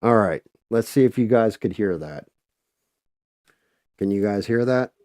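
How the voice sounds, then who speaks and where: A man's voice: fairly low pitch, lively intonation, a little slow, darkish tone, no echo, studio quality. A man hosting a live stream, chatting casually and swearing freely while he paints. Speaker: livestream host.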